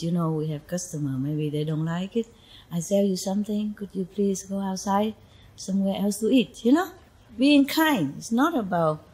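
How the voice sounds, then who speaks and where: A woman's voice: fairly low pitch, darkish tone, husky, low-quality recording. A woman spiritual teacher giving an informal talk to her followers, telling stories in a chatty way and laughing often. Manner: chatty storytelling, frequent laughter, asides like "you know".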